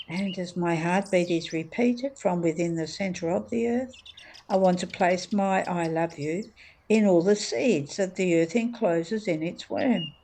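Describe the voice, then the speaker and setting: A woman's voice: fairly low pitch, animated, unhurried, warm tone, slight background noise. Woman reading devotional text. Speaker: reader.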